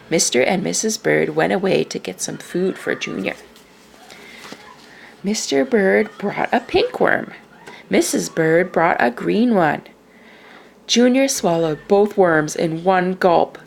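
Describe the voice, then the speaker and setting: A woman reading a children's picture book aloud in a slow, expressive way. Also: fairly low pitch, gravelly, slight background noise. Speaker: storyteller.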